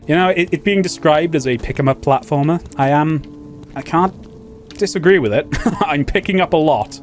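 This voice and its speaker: A man giving casual, excitable commentary while playing a video game, laughing often. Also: a little high, moderate pace, soft background music. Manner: excitable, laughing, chatty asides. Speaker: gaming channel host.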